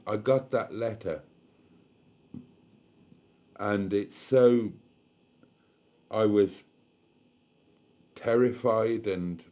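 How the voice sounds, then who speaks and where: A man hosting a late-night live stream, tired and a little tipsy, talking slowly and emotionally as he thanks his viewers. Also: lowish voice, warm tone.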